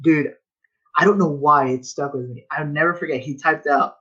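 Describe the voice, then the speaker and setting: A man's voice: fairly high pitch, fairly even intonation, normal speed, sharp tone, breathy edge, dull audio. A man in casual podcast chat, easygoing and agreeable. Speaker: podcast co-host.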